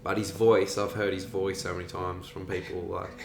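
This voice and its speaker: A man's voice: low voice, level tone, brisk. A man with an Australian accent chatting as a podcast guest, laid-back and rambling, swearing casually. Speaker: guest, animation creator. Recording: echoey room, faint music.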